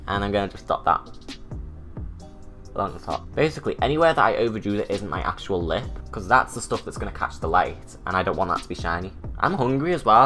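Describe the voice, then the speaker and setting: A man's voice: on the low side, sharp tone. A young British man and drag artist, chatting casually through a makeup tutorial with camp, self-mocking asides. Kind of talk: chatty get-ready-with-me tutorial.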